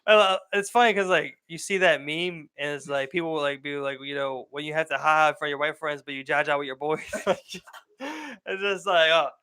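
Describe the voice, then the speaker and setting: A man co-hosting a podcast, rambling through his points with constant "like"s and restarts. His voice is bright, forceful and crisp, sitting a little high. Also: fairly quick. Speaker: podcast co-host. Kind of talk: casual chat.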